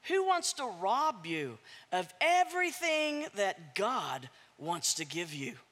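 A woman's voice: mid-range voice, big pitch swings, slow pace, fairly bright tone, big-room sound. A woman preacher telling a story as a sermon, with a dramatic, swooping delivery and wry asides.

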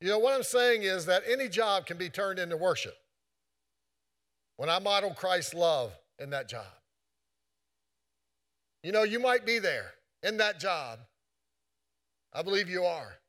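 A man's voice: high-pitched, animated, unhurried, long pauses, fairly bright tone. A man preaching a sermon in an earnest, repetitive way, quoting scripture often.

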